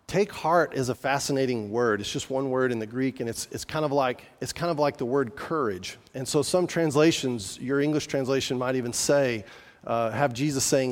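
A man gives a sermon in a relaxed, conversational way, breaking off and restarting his sentences as he talks to the congregation. His mid-pitched voice rings out with a long reverb from a large hall. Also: normal speed. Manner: conversational preaching with restarts and asides. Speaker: pastor.

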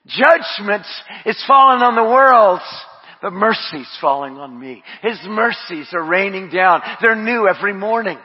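A man preaching a sermon. He drops to hushed murmurs, rises to shouted refrains, repeats his phrases and speaks in tongues. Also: high voice, breathy edge. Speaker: pastor. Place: church sanctuary. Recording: dull audio with long hall reverb.

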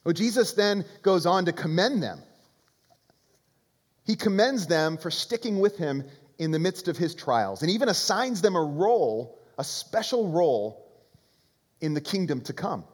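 A man's voice: high voice, very animated, a little slow. A man preaching a sermon as a pastor, conversational and emphatic, often repeating phrases for effect. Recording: long reverb of a large hall.

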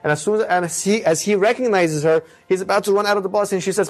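Dramatic male storyteller. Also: fast talker. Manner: dramatic, with big swings in pace and pitch. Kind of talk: moral storytelling.

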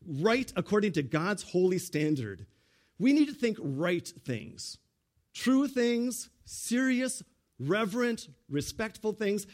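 Male pastor, middle-aged, high tenor voice, animated sermon delivery with big swings. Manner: animated preaching, leaps high for emphasis, drops low for asides.

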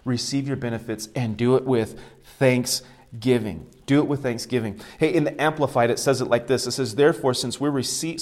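A man in his thirties preaching a sermon, a father who repeats key phrases and builds to loud, emphatic passages. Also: mid-range voice. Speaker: pastor.

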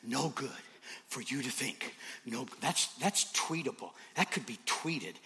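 A man preaching a sermon, swinging from hushed whispers to shouts with repetitive, emphatic phrasing. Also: mid-range voice, lively intonation, a little slow, a little hiss or hum.

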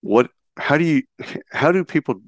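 A man's voice: fairly high pitch, animated, normal speed, no room sound, studio quality. A man hosting an interview, opinionated and sarcastic, rambling through his questions with self-deprecating asides. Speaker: interview host. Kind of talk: casual conversational interview.

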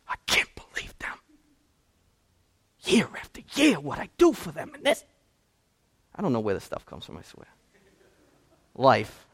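Casting note: male pastor, conversational preacher who builds to loud, fervent peaks; mid-pitched voice. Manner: conversational preaching, rising to impassioned shouting. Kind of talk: sermon.

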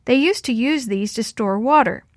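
A woman doing a calm grown man. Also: fairly high pitch, normal speed, no room sound, clean studio sound, lightly acted.

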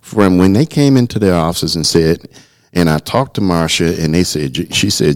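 Man, very deep voice, middle-aged, earnest storyteller, podcast co-host. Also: animated, moderate pace, a little mellow. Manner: earnest, storytelling, repeats words when starting. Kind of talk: casual podcast conversation.

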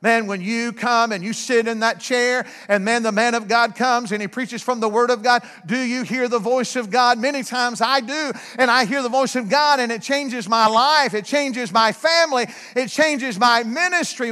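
High-pitched preacher in a reverberant hall. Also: male voice, moderate pace. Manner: fervent, repetitive preaching with rising shouts. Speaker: guest preacher. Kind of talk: sermon. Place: church sanctuary.

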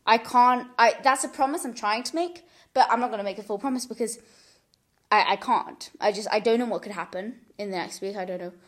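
A woman's voice: on the high side, fairly quick, fairly bright tone. Chatty woman rambling on her podcast. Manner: rambling, chatty, often laughing. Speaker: podcast host. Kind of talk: solo casual podcast chat. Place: couch at home, indoors. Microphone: large studio mic pulled up close.

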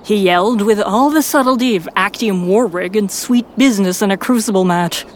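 A woman narrating a first-person fan audio drama in a steady storytelling manner. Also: medium pitch, moderate pace, a little hiss or hum, poor audio.

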